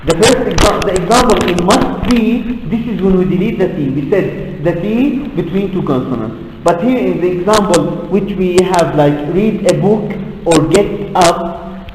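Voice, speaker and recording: A man with a high voice gives a classroom lecture on English pronunciation, speaking slowly and drilling example phrases. The recording is very echoey, with a long hall reverb and clear background noise. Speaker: English teacher.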